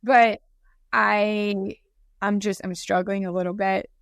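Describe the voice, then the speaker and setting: Dry-voiced woman, halting and emotional. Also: mid-range voice, steady tone, vocal fry, no room sound. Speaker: podcast co-host. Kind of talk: casual chat.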